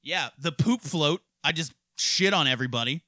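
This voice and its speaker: A man from hosting a podcast, telling crude stories in a rowdy, profane, animated way. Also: a little high, moderate pace, no room sound, clean studio sound. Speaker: podcast host. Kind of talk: crude casual storytelling.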